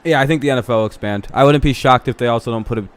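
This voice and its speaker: A man's voice: medium pitch, racing. Profane, argumentative man on a live stream. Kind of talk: casual chat during a game watch-along.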